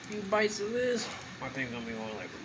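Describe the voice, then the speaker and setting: This mukbang vlogger has a high, sing-song male voice and chats casually as he eats on camera, taking his time and speaking with food in his mouth. The background is noisy.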